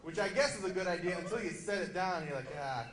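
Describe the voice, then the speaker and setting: A man doing a loud, punchy stand-up comedy set in a club, slipping into quick character voices. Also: sits high, heavy background noise. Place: comedy club stage before a live audience. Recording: echoey room, loud crowd laughter.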